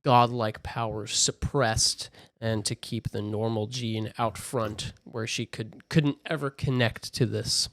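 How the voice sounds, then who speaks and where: A man casually recapping a movie plot, animated and slipping into quick character voices. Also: lowish voice. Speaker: podcast co-host.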